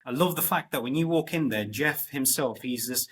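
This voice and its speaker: A man's voice: mid-range voice, normal speed, husky. A man hosting a casual interview, gushing with fan enthusiasm about favorite scenes. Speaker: interview host.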